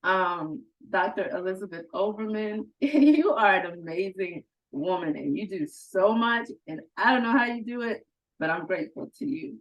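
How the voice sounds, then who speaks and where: A woman as outgoing conference president giving a heartfelt, halting thank-you speech, fighting back tears. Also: medium pitch, lively intonation, low-quality recording. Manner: heartfelt, halting, with fillers and laughs.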